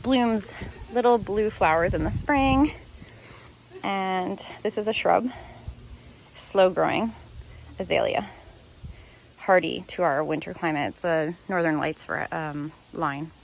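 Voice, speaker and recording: A woman's voice: fairly low pitch, slow, vocal fry, pauses often, a little hiss or hum. A woman filming a casual tour of her home garden outdoors on a handheld phone. She chats freely, laughs often and corrects herself as she goes. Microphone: handheld phone camera while filming.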